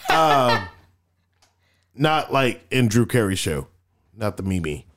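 Male co-host, brash storyteller, lively swings in pitch, swears freely. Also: takes it slowly, noisy background. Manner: profane, animated storytelling with acted-out quotes. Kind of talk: casual chat.

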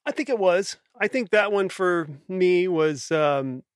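A man's voice: high voice, animated, measured pace, clear, resonant tone, dry recording, studio quality. A man answering interview questions about recording songs, reflective and loose with fillers. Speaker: podcast guest, musician.

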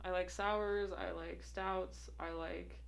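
A woman's voice: fairly low pitch, fairly even intonation, slow, creaky. A young woman chatting casually as co-host, blunt and profane, often laughing. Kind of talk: casual chat.

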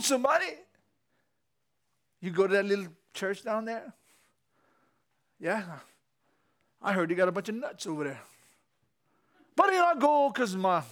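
A man preaching a sermon. He laughs often and swings from low storytelling to loud shouting exhortation.

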